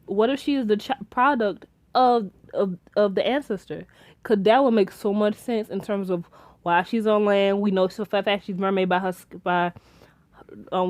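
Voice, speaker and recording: A young woman reviewing a TV episode in casual chat, rambling and excitable with many restarts and fillers. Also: medium pitch, dry recording. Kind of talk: casual episode recap and theorizing.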